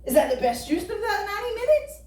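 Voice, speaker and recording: Woman pastor, high and bright, conversational humorous preaching; roomy echoey hall sound. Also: sing-song, fast talker, soft background music. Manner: folksy, joking, rhetorical questions. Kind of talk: conversational sermon. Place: church sanctuary. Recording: echoey church hall, distant mic.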